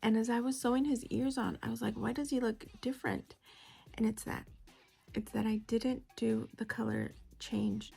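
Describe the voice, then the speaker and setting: A woman's voice: fairly high pitch, gravelly, husky. A woman chatting casually in her home kitchen while she vlogs about crochet, with giggles and self-mocking asides. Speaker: crochet vlogger. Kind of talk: casual vlog chat.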